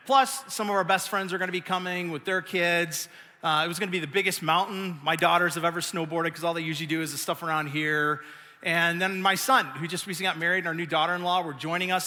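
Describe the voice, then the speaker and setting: A middle-aged man giving a sermon as pastor, telling stories in an animated, self-mocking way. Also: high-pitched. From United States. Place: large church auditorium. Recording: long reverb of a church hall.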